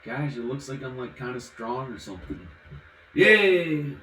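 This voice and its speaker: A man's voice: mid-range voice, steady tone, fairly quick, echoey room, low-quality recording. A man from the American South, vlogging casually while drinking, rambling and giggling from one topic to the next.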